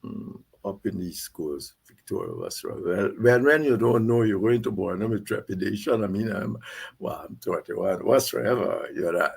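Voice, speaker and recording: A man in his seventies with a Guyanese accent, a guest recalling old stories in an animated way, repeating words and laughing between phrases. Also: fairly low pitch, normal speed, vocal fry, slightly rough. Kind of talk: storytelling recollection.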